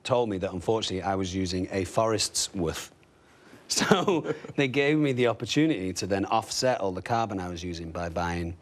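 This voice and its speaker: Chatty low-voiced English actor. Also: male voice, animated, fairly quick. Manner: rambling, lots of you know and like. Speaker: actor, guest. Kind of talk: casual chat.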